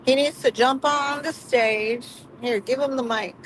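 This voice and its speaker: Woman on a livestream from her car, playful teasing chat, kinda high voice, faint hiss. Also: a little slow, low-quality recording. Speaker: livestream co-host.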